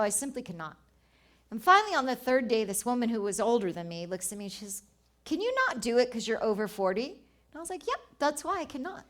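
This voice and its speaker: Lively storytelling woman, higher voice. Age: 40s. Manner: animated, acts out dialogue, laughs often. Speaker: travel writer and speaker. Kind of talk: storytelling talk at a live event.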